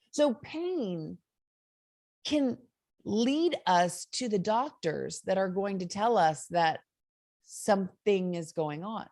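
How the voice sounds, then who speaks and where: A woman's voice: mid-range voice, a little mellow, no echo, studio quality. A woman hosting a motivational self-help talk, earnest and conversational, with many fillers. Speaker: host.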